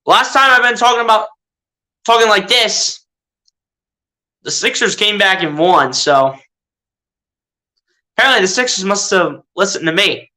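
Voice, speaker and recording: This exasperated basketball fan delivers live commentary a little slowly, with long pauses, in an animated, bright, forceful medium-pitched voice. The rough recording catches him quizzing the team rhetorically and frequently correcting or repeating himself.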